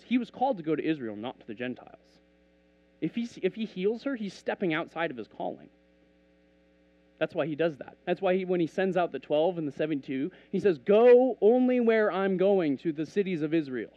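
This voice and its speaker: A man's voice: a little high, brisk, no echo, highs cut off. A man preaching a casual, conversational sermon, telling stories and acting out bits of dialogue. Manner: animated, conversational, acts out dialogue.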